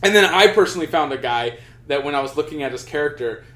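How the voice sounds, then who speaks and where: A man's voice: fairly high pitch, expressive, fast talker, fairly bright tone. A young man co-hosting a podcast, telling a rambling story in casual chat, full of restarts and swearing. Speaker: podcast co-host. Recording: roomy echo.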